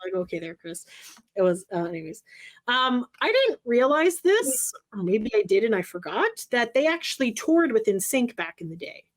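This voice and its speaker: A woman co-hosting a podcast, recapping another show in casual chat, full of fillers and quick asides. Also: a little high, big pitch swings. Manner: rambling, filler-heavy recap. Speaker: podcast co-host.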